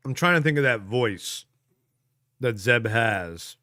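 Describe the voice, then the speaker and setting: Answering viewers' comments on a casual livestream, this male co-host muses aloud in a relaxed way, with fillers and laughs along the way. His mid-range voice moves slowly. The recording is dry and of studio quality.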